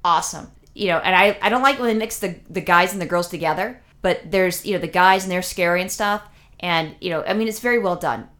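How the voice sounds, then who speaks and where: A woman's voice: lowish voice, brisk, fairly bright tone. A woman co-hosting a casual chat, telling a rambling story with crude language and lots of swearing. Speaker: podcast co-host.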